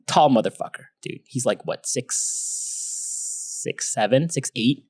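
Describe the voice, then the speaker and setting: A man's voice: mid-range voice, lively intonation, slow pace, darkish tone, breathy edge, dry recording, clean studio sound. A young man co-hosting a podcast, telling a long rambling story in casual chat, swearing a lot and laughing as he goes. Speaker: podcast co-host.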